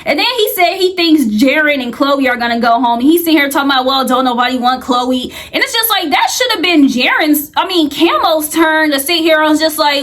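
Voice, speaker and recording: A woman's voice: high voice, animated, brisk, hardly any pauses, a bit bright. A woman casually recapping a reality show, rambling and chatty with lots of filler words.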